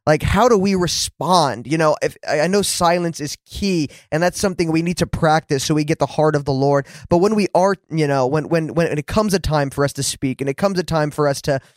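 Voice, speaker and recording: Earnest man with a higher voice. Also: a little fast, few pauses, no echo, studio quality. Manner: earnest, many restarts and fillers. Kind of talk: casual faith conversation.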